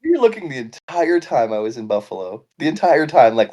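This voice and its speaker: A man's voice: medium pitch, very animated, fairly quick, dark tone. A man co-hosting a casual podcast chat, joking and rambling, laughing often. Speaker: podcast co-host.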